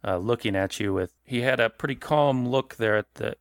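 A man's voice: medium pitch, normal speed, dry recording, studio quality. A man narrating as game master for a tabletop horror game, casual and rephrasing as he goes. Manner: conversational, restarts and rephrases.

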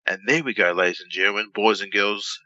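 A man's voice: lowish voice, fairly quick, bright, forceful tone, no echo, highs cut off. An Australian man co-hosting a podcast, chatting casually and reading a news story aloud, loose and profane, with lots of restarts. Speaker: podcast co-host.

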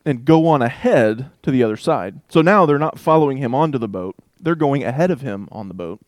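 A man's voice: mid-range voice, animated, brisk, dry recording. Man casually teaching scripture, dry sound. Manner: conversational, thinks aloud with restarts and asides. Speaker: Bible teacher. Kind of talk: casual Bible study talk with scripture reading.

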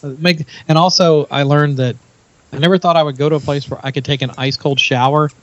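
A man's voice: on the high side, fairly even intonation, brisk, no echo. Laid-back man chatting, slightly dull audio. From Nashville, Tennessee. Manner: rambling, laughs often, restarts sentences. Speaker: podcast guest, event founder. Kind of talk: casual podcast chat.

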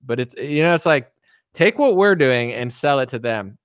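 Streamer host, male, animated riffing commentator, smooth clear voice, dry recording. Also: medium pitch, moderate pace, no echo. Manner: animated, lots of "like" and restarts, slips into mock voices.

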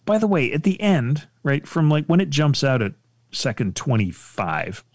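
A man chatting casually with friends while reacting to a video, animated and given to acting out little voices as he spins theories. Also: medium pitch, normal speed, no room sound, clean studio sound. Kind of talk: casual banter.

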